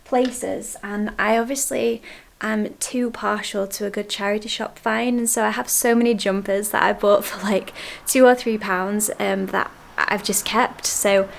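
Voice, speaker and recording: A young woman vlogging from her bedroom at home, chatting candidly to camera and laughing softly between thoughts. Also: mid-range voice, steady tone, a little slow, gravelly. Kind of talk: casual chat to camera.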